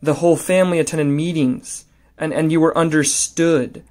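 A man's voice: a little high, steady tone, normal speed, a little mellow. A man teaching a lesson on a poem, talking hesitantly with many fillers and restarts while he annotates it.

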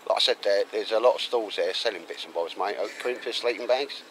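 A man's voice: lowish voice, quick pace, a bit bright, a little hiss or hum, poor audio. A middle-aged man, chatting casually with a friend outdoors, rambling and calling people mate. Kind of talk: casual chat. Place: outdoors in woodland.

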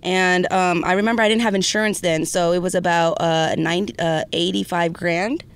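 A young woman from Orange County telling her story as an interview guest, animated and quoting others. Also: lowish voice, moderate pace, clear, resonant tone. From Orange County, California.

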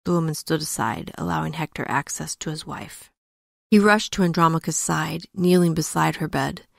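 A woman podcast host narrating a retold myth and reflecting on it in a measured way. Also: sits low, creaky, no echo, clean studio sound. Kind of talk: storytelling narration with commentary.

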